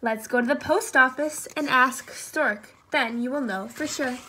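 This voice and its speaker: A woman voicing a calm, wise female elephant in a children's story. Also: high-pitched, measured pace, a little hiss or hum.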